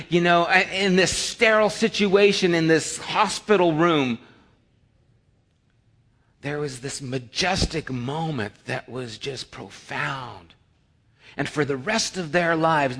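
Bright-voiced male pastor telling stories. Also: a little high. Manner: storytelling, acts out dialogue with rising excitement. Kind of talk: sermon.

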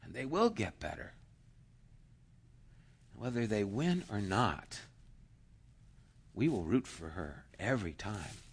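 A man preaching a sermon, slow and emphatic, rising into loud cheering bursts. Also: lowish voice, husky. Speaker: pastor.

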